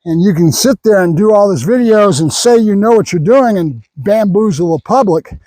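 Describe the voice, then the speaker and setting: An older man with a high voice talks through a dog training session for his vlog. He is a professional trainer, opinionated and rambling, and often stops mid-thought to praise the dog. The sound is dry and close, with no room echo. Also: lively intonation, moderate pace, dark tone. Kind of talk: training vlog with running commentary.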